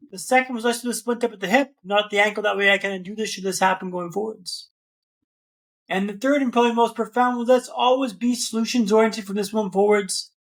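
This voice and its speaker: High-voiced man telling a story. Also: a bit bright. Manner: vivid, rhythmic storyteller who repeats phrases and calls the host "man". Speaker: podcast guest. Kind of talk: dramatic storytelling in an interview.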